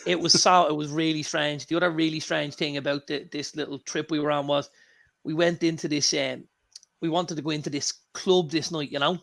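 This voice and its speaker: An Irish man with a slightly raised, gravelly voice, co-hosting a casual talk show. He tells anecdotes with lots of energy and swears freely. His delivery is loose and conversational. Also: on the high side, fairly even intonation, fairly quick, a bit bright. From Ireland. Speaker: co-host. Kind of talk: casual chat.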